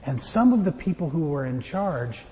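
Playful high-voiced pastor. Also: male voice, moderate pace, big-room sound, lo-fi sound. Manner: playful, joking, animated. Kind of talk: children's sermon. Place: church.

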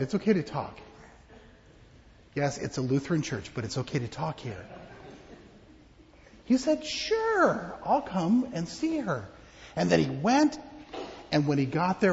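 A man giving a children's sermon as pastor, telling a story in an animated way and asking the children questions. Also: a little high, long reverb tail, dull audio, slight background noise. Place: church.

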